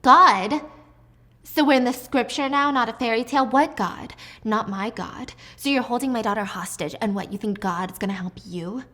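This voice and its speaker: A woman's voice: fairly high pitch, moderate pace, hardly any pauses, lightly acted. A woman voicing a wealthy, arrogant mother of about forty, talking in a pushy, scornful and impatient way. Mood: agitated.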